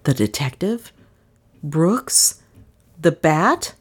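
A woman narrating an audiobook in a measured, unhurried reading voice. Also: low-pitched, sing-song, slightly rough.

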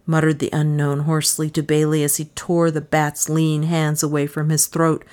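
A woman narrating a mystery novel aloud in a measured, unhurried reading, voicing the characters' lines. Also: low voice, monotone, a little mellow. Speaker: audiobook narrator. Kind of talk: scripted narration.

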